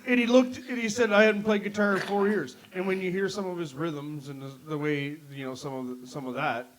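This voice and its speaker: A man's voice: high-pitched, fairly even intonation, fairly quick, low-quality recording. Rambling man hosting a casual podcast. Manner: swears freely, rambling storyteller. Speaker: podcast host. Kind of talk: casual chat.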